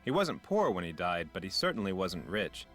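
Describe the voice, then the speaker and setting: An actor playing a formal, dutiful park ranger in a mystery game, speaking in measured, proper sentences. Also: male voice, low voice, sing-song, fairly bright tone, faint music behind.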